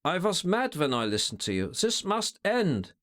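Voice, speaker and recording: A man's voice: fairly high pitch, wildly swooping pitch, normal speed, a bit bright, voice pushed up. A man voicing an anxious, despairing hotel keeper in a storybook, throaty with a German accent.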